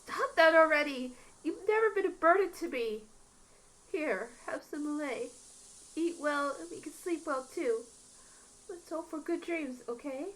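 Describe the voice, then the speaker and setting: A woman voicing a gentle, protective young man in a game playthrough, speaking with earnest reassurance. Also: high-pitched, expressive, a little slow, slight background noise, poor audio. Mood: caring.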